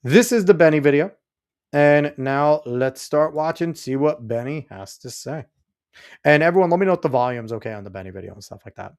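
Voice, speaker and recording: A man's voice: mid-range voice, a little fast, clean tone. A man hosting a podcast livestream, reacting to a video clip in casual, rambling commentary and getting exasperated with his chat and the clip.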